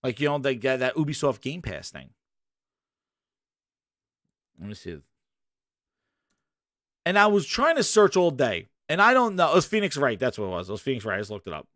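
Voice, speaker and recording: A man's voice: mid-range voice, very animated, normal speed, long pauses, fairly bright tone, dry recording, clean studio sound. A young man hosting a gaming podcast, ranting emphatically and arguing straight at his listeners. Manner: emphatic, argumentative, addresses listeners directly. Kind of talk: animated opinion rant.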